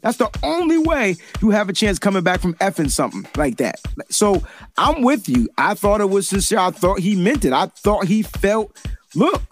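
A man hosting a casual sports chat show, animated and joking, heavy on slang. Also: high-pitched, moderate pace, faint music behind. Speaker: podcast host.

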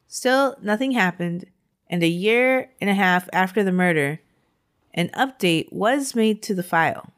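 A woman hosting a podcast who walks through a true crime case in an easy, chatty way. Her voice sits at a middle pitch, and she laughs often as she talks. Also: animated, a little slow. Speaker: podcast host.

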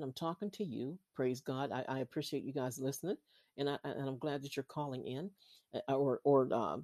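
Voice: mid-range voice, darkish tone, no room sound. A podcast host talking casually about faith from bed at night, rambling and repetitive, preaching with frequent amens. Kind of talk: casual Christian podcast talk. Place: sitting on a bed at home at night. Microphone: laptop.

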